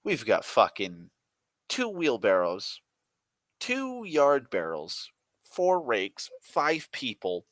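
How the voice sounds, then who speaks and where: An exasperated man rants his way through a work story, swearing constantly and restarting his sentences as he goes. His voice is bright and sharp. The recording is dry and close. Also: medium pitch, wildly swooping pitch, slow pace, dry recording. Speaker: online storyteller. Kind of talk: profane rambling rant.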